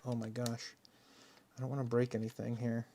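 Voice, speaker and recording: Streamer, male, gravelly voice, rambling, self-mocking chat during a hands-on repair. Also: mid-range voice, monotone, normal speed, dark tone, slight background noise. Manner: murmurs to himself while working. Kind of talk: casual live-stream chat while repairing hardware.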